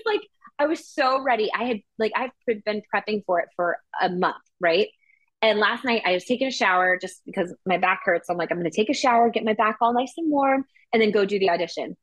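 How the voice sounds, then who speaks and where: A woman's voice: mid-range voice, no room sound. A woman co-hosting a podcast, rambling through a personal story in easy, chatty talk full of "like." Her voice sits in a middle register. The recording is dry and close. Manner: chatty storytelling, heavy use of "like". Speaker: podcast co-host. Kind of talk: casual chat.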